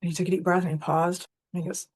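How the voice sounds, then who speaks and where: A woman's voice: lowish voice, little pitch movement, quick pace, a little mellow, slightly rough, no room sound. A woman hosting a spiritual talk, telling a personal story in an earnest, candid, conversational way. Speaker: host.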